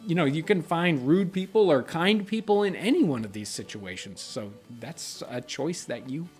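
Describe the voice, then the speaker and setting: A middle-aged man hosts a casual Q&A, answering viewers in an earnest, explanatory way. His voice sits somewhat high for a man. Soft music plays faintly underneath. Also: expressive, moderate pace, husky. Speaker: channel host. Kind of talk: casual Q&A chat.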